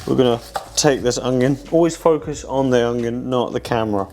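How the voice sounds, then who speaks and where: A man, talking loosely while he cooks in his home kitchen. He rambles, swears freely and mocks himself. His voice sits in an ordinary middle pitch. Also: fairly quick, darkish tone. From England. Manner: sweary, rambling, self-mocking. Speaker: pro fighter cooking on his channel. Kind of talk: casual cooking vlog chat.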